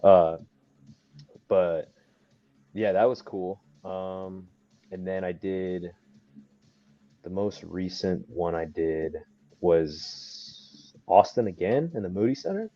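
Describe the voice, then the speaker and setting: A young man, a wrestler guest, telling stories casually and animatedly, laughing often and acting out others' lines in a high voice. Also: slow pace, long pauses, mellow. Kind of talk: casual storytelling. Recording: dull lo-fi podcast audio.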